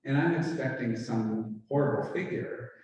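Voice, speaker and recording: Mellow-voiced male pastor, unhurried, relaxed storyteller; recorded from afar in a roomy hall. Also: mid-range voice. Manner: conversational retelling with quoted dialogue. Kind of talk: storytelling talk. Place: church hall. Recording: echoey hall, mic far off.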